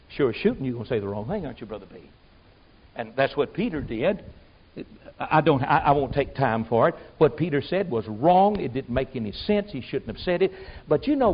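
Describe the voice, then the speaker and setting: A man delivers a sermon in a folksy, emphatic manner, his fairly high voice rising to loud exclamations and dropping to low asides. The recording is muffled and lo-fi. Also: breathy edge. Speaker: preacher.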